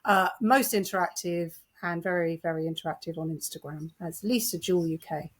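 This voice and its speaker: A middle-aged British woman with a British accent, a novelist guest chatting in an interview, animated and self-deprecating with frequent laughs. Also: on the low side, a little fast, slightly rough. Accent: British English. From United Kingdom. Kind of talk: conversational interview.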